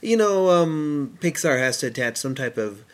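A man's voice: fairly high pitch, animated, normal speed. A man reviewing short films in casual chat, rambling through plot retellings with plenty of fillers. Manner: chatty, rambling retellings with acted-out quotes. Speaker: film reviewer.

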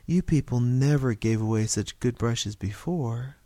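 A man voicing a kindly older mother who speaks politely and gently. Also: mid-range voice, unhurried, no room sound, lightly acted.

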